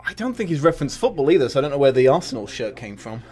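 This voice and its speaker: A man's voice: medium pitch, big pitch swings, racing, crowd noise. A man making wry, sarcastic comments as a guest during a comedic book reading. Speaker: guest co-host.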